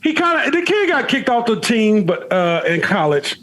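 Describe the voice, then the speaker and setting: A man's voice: very high voice, big pitch swings, normal speed, a bit bright, a little hiss or hum. A man co-hosting a casual podcast, blunt and joking with lots of slang. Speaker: podcast co-host. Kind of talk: casual chat.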